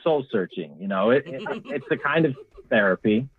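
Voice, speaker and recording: A man's voice: medium pitch, expressive, moderate pace. A man calling in to a radio show, talking hesitantly with many ums and restarts. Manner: hesitant, stammering, full of ums. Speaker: caller. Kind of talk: phone call to a radio show. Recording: dry tinny phone line.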